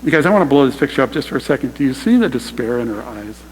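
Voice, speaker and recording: A man's voice: medium pitch, very animated, very fast, big-room sound, a little hiss or hum, rough recording. A man preaching a sermon to his congregation, emphatic and direct, often calling them "you guys". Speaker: pastor. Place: church sanctuary.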